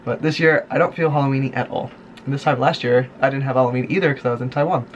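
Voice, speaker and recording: A man chatting casually to camera in a vlog, tired and a bit sick, rambling in a relaxed way. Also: quick pace, lo-fi sound, slight background noise. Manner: gushing high baby talk with dogs. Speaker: vlogger. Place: indoors in bed at night.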